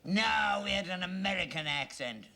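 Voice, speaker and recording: A man's voice: high voice, lively intonation, normal speed, gravelly, bright, forceful tone, exaggerated voice. An actor playing a gullible older rag-and-bone man, earnest and insistent in a sitcom scene. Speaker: father. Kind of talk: 1970s sitcom acting.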